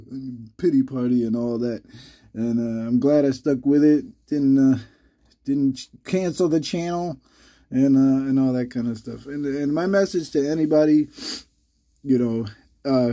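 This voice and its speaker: A man hosting his channel in casual, rambling vlog talk, halting with many restarts, a little under the weather. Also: mid-range voice, dark tone. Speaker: channel host.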